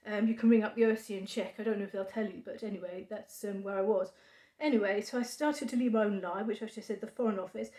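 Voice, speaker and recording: A woman talking to camera in a halting monologue of dry sarcasm, full of fillers. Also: medium pitch, dark tone. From United Kingdom. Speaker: vlogger. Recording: echoey room.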